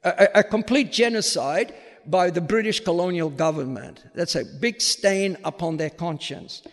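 High-voiced priest lecturing in a hall. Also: male voice, moderate pace. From Australia. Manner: emphatic, asks the audience rhetorical questions.

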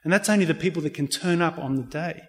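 An earnest man recounts his faith as an interview guest, slightly high for a man. He often restarts his sentences as he tells the story. His voice rings with a long reverb, as in a big hall. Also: fast, a bit bright. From Australia. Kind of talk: personal faith testimony.

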